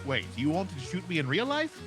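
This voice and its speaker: A man's voice: fairly high pitch, big pitch swings, fairly quick, a bit bright, soft background music. Polite stammering man in roleplay. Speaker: roleplay player as an instructor character. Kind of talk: in-character roleplay chat.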